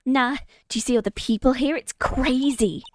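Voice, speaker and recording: A woman voices an excited, cheerful and chatty young female sidekick in a game. Her high-pitched delivery sits above her own natural voice yet stays close to an everyday tone, at normal speed.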